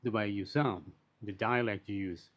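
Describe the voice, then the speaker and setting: A man's voice: fairly low pitch, moderate pace. Blunt, swearing man ranting on a dull recording. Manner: blunt, rambling, swears freely. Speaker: commentator on social issues. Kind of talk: casual unscripted monologue.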